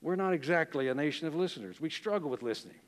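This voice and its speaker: A man's voice: on the high side, animated, quick pace. A man preaching a sermon, telling stories, reading quotes aloud and chuckling often. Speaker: pastor. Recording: long hall reverb.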